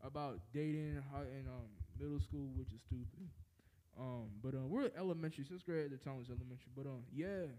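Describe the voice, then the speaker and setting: A man co-hosting a podcast in casual chat, laid-back, with many fillers and quick reactions. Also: a little high, warm tone. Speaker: podcast co-host.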